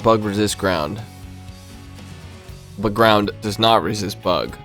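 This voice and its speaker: A man casually commentating on a video game battle, reacting aloud to each move with quick bursts of excitement. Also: on the low side, faint music behind. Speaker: gaming commentator.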